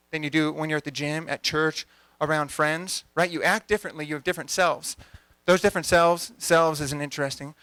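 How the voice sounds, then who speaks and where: With a slightly high voice on a dry recording free of room sound, a lively young coach gives a storytelling talk at an event venue. Energetic and conversational, he voices the people in his story for the live audience.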